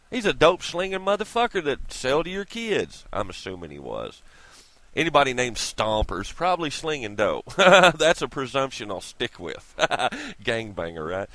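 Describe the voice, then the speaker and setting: A man's voice: medium pitch, fairly bright tone, no echo. A man ranting in a vlog, irritated, profane and sarcastic, talking close to the mic. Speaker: vlogger. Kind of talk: profane opinion rant.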